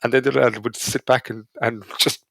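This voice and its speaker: A man's voice: mid-range voice, steady tone, quick pace, gravelly, fairly bright tone, dry recording. A man with an Irish accent, a podcast guest telling anecdotes in a casual, self-deprecating way. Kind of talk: casual storytelling chat.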